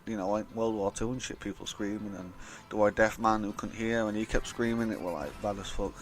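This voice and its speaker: A man's voice: fairly low pitch, steady tone, fairly quick. A young man telling a rambling, blunt, sweary story in a casual vlog. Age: young adult. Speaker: vlogger.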